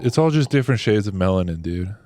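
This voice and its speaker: A man's voice: on the low side, lively intonation, fast talker, mellow, slight background noise. A young man co-hosting a casual comedy podcast, teasing the others and laughing often. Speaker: podcast co-host. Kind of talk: casual chat.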